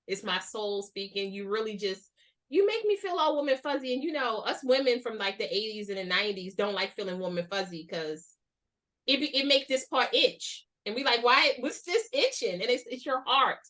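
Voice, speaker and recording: A woman in her thirties hosting a podcast, chatting casually with a friend in a playful, expressive way with plenty of laughs. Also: mid-range voice, moderate pace. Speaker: podcast host. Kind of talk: casual chat between friends.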